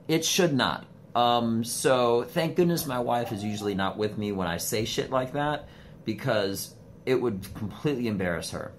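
A man's voice: normal speed, a little hiss or hum. A man vlogging from a room in his home on his phone, rambling in casual talk with lots of swearing and sudden jumps in his voice. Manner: profane, rambling, animated swings in pitch. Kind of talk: casual ranting monologue. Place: home studio room, indoors. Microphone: phone camera.

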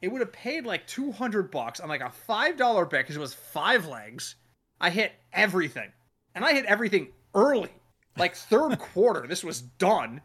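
A man hosting a casual sports podcast, talking in an animated way, swearing and acting out what other people said. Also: sits high. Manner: animated, swears, acts out quoted voices. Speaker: podcast host.

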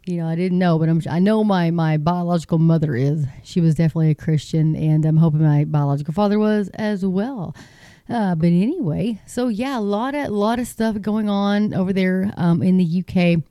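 Texan lady, middle-aged, rambly folksy chat, lowish dark voice, dry sound. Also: moderate pace, smooth, no room sound. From Texas, United States. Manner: chatty, rambling, folksy, laughs at herself. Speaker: Christian video host. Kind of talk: casual talk reading news aloud.

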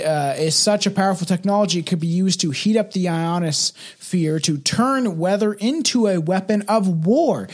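A man co-hosting a casual podcast reads an article aloud while drinking scotch, stumbling through it with frequent restarts and fillers. His voice is a little high with a darkish tone.

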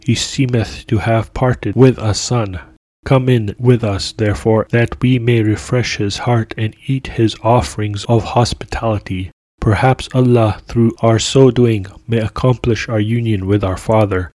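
A man reading an earnest, gentle young boy. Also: on the low side, fairly even intonation, measured pace, no room sound. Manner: earnest, archaic speech.

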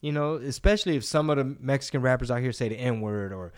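A man talking on a podcast in a loose, animated way, dropping slang and swearing freely. His voice sits at an ordinary middle pitch for a man, and he talks casually with his co-host. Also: fast talker. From Texas.

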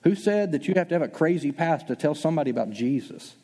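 A man preaching a sermon as pastor, talking conversationally and acting out his listeners' doubts in quick asides. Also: fairly high pitch, breathy edge, big-room sound. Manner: fast, animated preaching.

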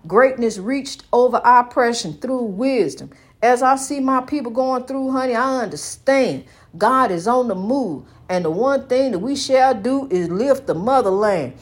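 A woman preaching with fervor, repeating her points and calling the listener "honey". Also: on the high side. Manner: fervent, repetitive, calls listener "honey". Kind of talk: preaching, inspirational monologue.

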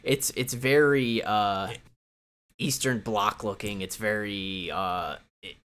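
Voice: deep voice, takes it slowly, smooth. A podcast co-host chatting casually about a film, joking and swearing freely. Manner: animated, profane, joking. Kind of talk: casual film recap chat.

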